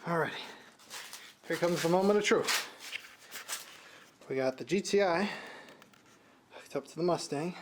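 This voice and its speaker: A man's voice: on the high side, moderate pace, pauses often. A young man casually thinking aloud as he works on his car, narrating for his vlog. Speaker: car vlogger. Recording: loud car engine noise behind.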